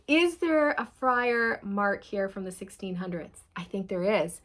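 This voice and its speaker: A young woman speaks directly to her audience as she works through a tarot reading. She is casual, chatty and earnest, and her voice sits at a middling pitch. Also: moderate pace, hardly any pauses. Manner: chatty, earnest, addresses viewers as "you guys". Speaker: tarot reader.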